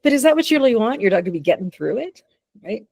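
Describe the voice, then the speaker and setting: A woman's voice: on the high side, sing-song, quick pace, vocal fry, a little mellow, breathy edge, dry recording. Texan woman, dog trainer presenting online, chatty and unpolished, dry close-mic sound. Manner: conversational, many restarts and acted-out dog thoughts. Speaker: dog behavior consultant. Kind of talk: webinar presentation.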